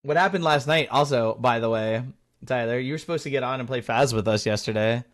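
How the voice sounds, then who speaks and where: A man's voice: medium pitch, a little fast. A male game streamer chatting casually while playing, thanking viewers and teasing his friends. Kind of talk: casual live-stream chat while gaming.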